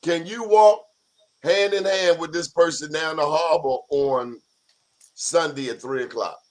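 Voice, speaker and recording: Brief: male talk show co-host, slightly higher voice, playful and teasing, casual. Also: measured pace. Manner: joking, teasing. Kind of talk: casual chat.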